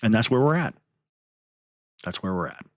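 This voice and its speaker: A man's voice: lowish voice, lively intonation, moderate pace, dry recording, clean studio sound. A podcast host man ranting in anger, swearing heavily as he talks. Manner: angry, profane, heavy swearing. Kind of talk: heated podcast rant.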